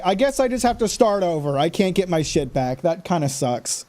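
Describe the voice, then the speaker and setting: Man, let's play commentary, fairly high voice, sarcastic, exasperated, swears a lot. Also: normal speed, a little mellow, a little hiss or hum. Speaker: gaming channel host.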